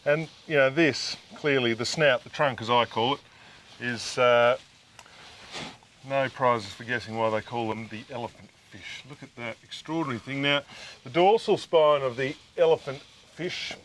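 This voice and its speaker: A man's voice: medium pitch, normal speed, fairly bright tone, a little hiss or hum. A man hosting a fishing show from a boat, chatting casually and joking with his guests. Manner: chatty and jokey, lots of fillers. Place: on a boat on open water.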